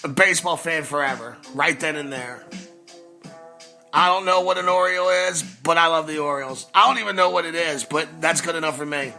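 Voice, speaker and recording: A man's voice: fairly high pitch, brisk, bright, forceful tone, faint music behind. A man in his forties, a podcast host, telling a nostalgic story with emphatic, repeated phrases. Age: 40s. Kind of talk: storytelling monologue.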